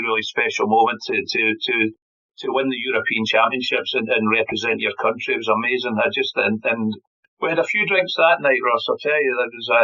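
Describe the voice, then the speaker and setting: A Scottish man in his fifties tells a story with a bright, forceful voice, often stumbling over repeated words. The audio sounds a little dull, like a podcast recording. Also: mid-range voice. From Scotland. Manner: animated, repeats words while telling a story, laughs. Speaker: guest, former golf pro.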